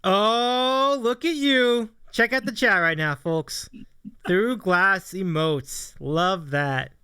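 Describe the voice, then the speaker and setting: A man with a high-pitched, bright, forceful and clean voice hosts a casual live-streamed chat show, recorded dry with clean studio sound. He's eager and quick to agree with his guest, keeps saying "yeah," and reads out viewer questions.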